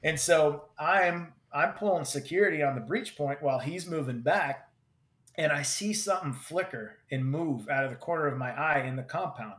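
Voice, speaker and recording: A combat veteran telling a personal story in vivid, halting bursts with many restarts. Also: male voice, a little high, fairly bright tone. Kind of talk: personal story told in conversation. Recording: roomy echo.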